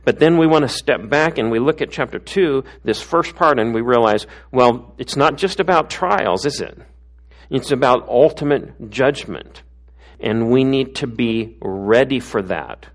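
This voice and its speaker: A man's voice: mid-range voice, unhurried. A middle-aged man giving a conversational sermon as a pastor, often tossing in tag questions.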